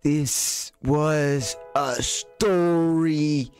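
A music reaction host who talks in excited exclamations. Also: mid-range voice, drawn-out words.

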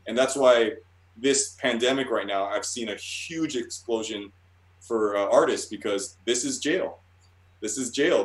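A man talking casually in an interview, rambling and swearing, often restarting his sentences. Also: medium pitch. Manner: rambling, profane, with many restarts. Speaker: guest artist. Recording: roomy echo.

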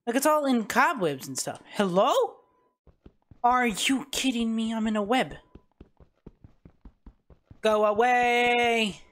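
A man streaming a casual let's-play, with a voice that leaps up and down as he reacts. He jumps from muttering to loud yelps at whatever happens on screen. Recorded on a home streaming mic. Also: extremely high pitch, normal speed. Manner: excitable, reacts loudly to the game. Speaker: gaming streamer.

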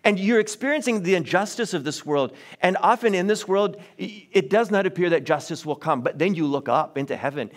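A man preaching a sermon in a church, earnest with wry asides and swings of pitch. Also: animated, brisk, few pauses. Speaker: pastor. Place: church sanctuary.

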